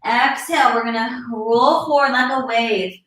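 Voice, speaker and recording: A young woman fitness instructor, a little out of breath, cues each pose and offers encouragement while exercising through a live-streamed yoga class. Her voice is a little high and fairly bright, at normal speed, captured by a far-off mic in an echoey room.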